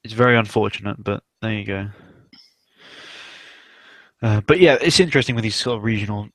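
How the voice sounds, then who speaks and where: A man's voice: fairly low pitch, a little fast, fairly bright tone, no echo. A young man hosting a casual livestream chat, rambling and swearing, with many fillers. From South West England. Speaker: stream host.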